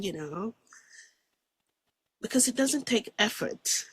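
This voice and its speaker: Husky, soft-spoken woman. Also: medium pitch, animated, slow, pauses often, no room sound. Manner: soft-spoken, reflective and earnest. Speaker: guest describing a near-death experience. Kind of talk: personal spiritual testimony.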